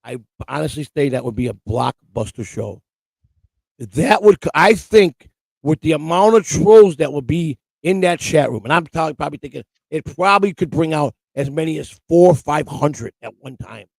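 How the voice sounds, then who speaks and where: A man's voice: on the high side, expressive, moderate pace, creaky, darkish tone, no echo, poor audio. A man co-hosting a casual live-stream chat, stammering and repeating himself as he teases his co-host.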